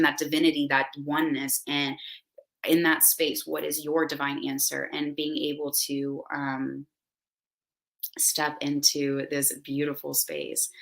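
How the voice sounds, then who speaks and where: Effusive low-voiced woman guiding a meditation. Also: vocal fry, low-quality recording. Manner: effusive, rambling, full of "like" and "right?". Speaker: spiritual host leading a meditation ceremony. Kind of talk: casual spiritual guidance talk.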